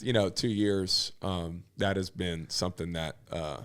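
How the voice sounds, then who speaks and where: A high-strung man chats as an interview guest. His voice sits low, and he talks with bursting energy and street slang. The delivery is loose and excitable. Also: a little slow, smooth. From New Orleans. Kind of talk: casual interview chat.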